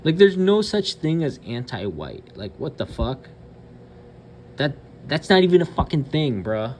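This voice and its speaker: A man's voice: fairly high pitch, sing-song, a little slow, a little mellow, a little hiss or hum. A man hosting his channel, ranting bluntly and cursing often, with hesitant fillers between remarks. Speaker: channel host. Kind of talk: profane ranting commentary.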